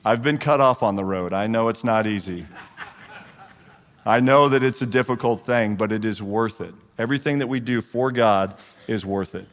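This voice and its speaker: A man in his forties, a guest speaker at a church men's group, gives a storytelling testimony and acts out the dialogue with lively energy. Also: on the low side, normal speed, slight background noise. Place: church hall. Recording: long reverb of a large hall.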